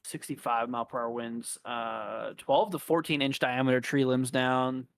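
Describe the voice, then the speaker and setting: A man's voice: mid-range voice, normal speed, vocal fry, dry recording. A young man co-hosting a live storm stream, talking casually with frequent restarts. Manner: relaxed, hesitant, repeats words. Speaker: storm chaser co-host. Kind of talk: casual chat while covering storms live.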